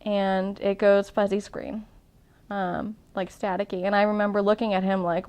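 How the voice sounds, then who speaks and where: A woman's voice: medium pitch, flat delivery, normal speed, a little mellow, clear, resonant tone. A young woman casually telling the story of her proposal in an interview, chatty, with frequent ums and restarts.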